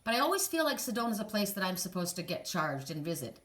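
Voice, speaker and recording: A woman reads cards and talks straight to the listener, circling back and restarting her thoughts. Her voice sits at an ordinary middle pitch for a woman. She turns soft and sighing now and then. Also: big pitch swings, fast talker. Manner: rambling, with restarts and asides to the listener; emotional, soft and sighing in places. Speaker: psychic card reader. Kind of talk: casual spiritual card reading.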